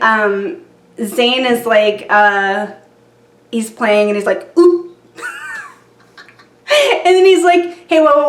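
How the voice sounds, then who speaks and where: A woman's voice: high voice, reverberant. A young woman vlogger telling a casual story to camera, rambling with lots of fillers and giggles.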